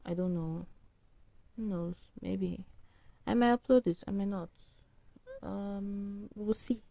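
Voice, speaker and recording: A woman's voice: medium pitch, steady tone, slow, vocal fry, long pauses, mellow, no echo. A tired woman hosting a solo podcast, rambling frankly in a casual early-morning rant. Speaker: podcast host. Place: indoors at home early morning.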